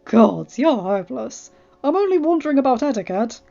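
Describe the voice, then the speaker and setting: A woman's voice: high voice, big pitch swings, moderate pace, gravelly, mellow, full character voice. A woman reading as a young lord with a dry, teasing wit in an audiobook. The sound is dull and lo-fi. Faint music runs beneath. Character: young lord, wry and teasing, later grave.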